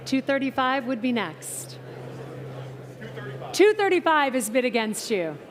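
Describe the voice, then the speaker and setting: A woman working as an auctioneer at a live car auction, calling bids in brisk patter and teasing the bidders. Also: high voice, sing-song. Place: auction tent at an outdoor car show.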